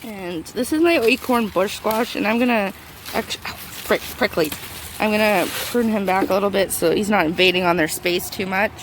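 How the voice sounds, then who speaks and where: A woman giving a casual tour of her vegetable garden, chatty and excitable, talking to her plants, her voice turning squeaky at times. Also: moderate pace. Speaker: gardening vlogger. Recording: faint outdoor background noise.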